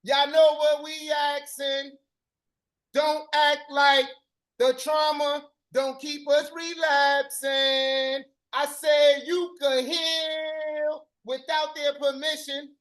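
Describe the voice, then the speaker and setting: High voiced host doing spoken word poetry, slow and rhythmic, chanting the same refrains over and over. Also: little pitch movement, fairly bright tone. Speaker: host of a live stream.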